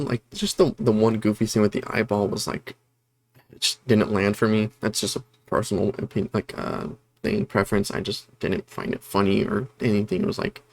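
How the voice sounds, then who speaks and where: A man casually reviewing a horror movie, rambling with many fillers and retelling scenes with energy. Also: fairly low pitch.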